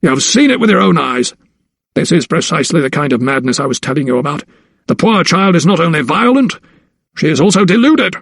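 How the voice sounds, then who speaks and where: A man's voice: on the high side, very animated, a little fast, vocal fry, fairly bright tone, breathy edge, no echo, voice pushed up, heavily acted. A cold, domineering older lawyer, as a male narrator plays him, speaking with haughty condescension. The reading is dry and close.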